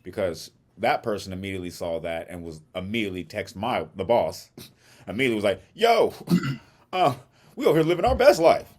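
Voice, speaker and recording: A man co-hosting a podcast, telling a long story in a casual, animated way and acting out other people's lines with plenty of swearing. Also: low voice. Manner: animated storyteller, acts out quotes, swears freely. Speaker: podcast co-host.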